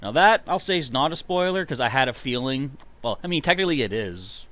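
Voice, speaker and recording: Excitable man streaming a game. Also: medium pitch, brisk. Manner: excitable, chatty, reads viewer comments aloud. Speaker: streamer playing a video game. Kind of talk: live gameplay commentary.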